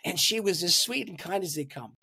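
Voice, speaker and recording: Animated older man telling a story. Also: brisk, creaky, breathy edge, dry recording. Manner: animated storyteller, acts out dialogue with big pitch swings. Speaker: pastor and guest. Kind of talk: storytelling in a podcast interview.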